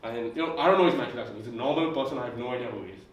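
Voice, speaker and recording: Young stand-up comic in an echoey room. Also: male voice, medium pitch, very fast, muffled recording. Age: young adult. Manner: rambling, filler-heavy delivery. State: sick. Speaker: comedian. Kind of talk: stand-up comedy. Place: comedy club stage, indoors. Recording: echoey room heard from far off.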